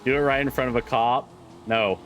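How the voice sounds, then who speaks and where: A man's voice: mid-range voice, steady tone, a little fast, fairly bright tone, a little hiss or hum. A man streaming a driving game live, chatting casually, swearing and repeating himself as he gets frustrated.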